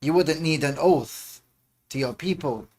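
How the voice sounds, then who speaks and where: A man's voice: a little high, unhurried, a little mellow. A man hosting a livestream, chatting casually and rambling between musings and muttered asides. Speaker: livestream host.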